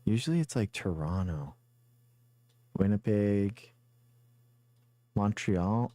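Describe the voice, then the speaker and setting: A man's voice: on the low side, a little slow, warm tone, no echo, studio quality. A man streaming a guessing game live, rambling and thinking aloud as he plays. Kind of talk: casual live game commentary.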